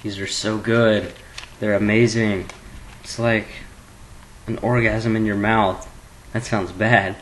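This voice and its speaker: A man's voice: lowish voice, level tone, takes it slowly, pauses often, a little hiss or hum, low-quality recording. A teenage boy chatting casually at home into his webcam, rambling and joking and prone to giggling. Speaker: vlogger.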